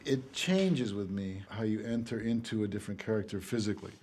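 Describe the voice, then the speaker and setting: Brief: low-voiced male actor, measured, reflective interview. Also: a little mellow, a little hiss or hum. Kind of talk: interview for a featurette.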